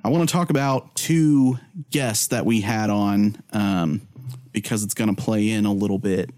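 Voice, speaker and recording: Low-voiced chatty male podcast co-host. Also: moderate pace, a little mellow, no room sound. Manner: loose and chatty, many "um" and "like" fillers, laughs easily. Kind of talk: casual chat and spoken prayer.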